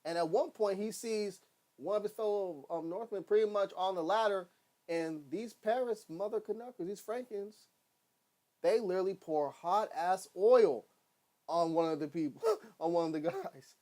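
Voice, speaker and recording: A man casually recapping a TV episode, rambling and excitable, swearing often and acting out what characters say. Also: high voice, moderate pace. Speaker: TV episode reviewer.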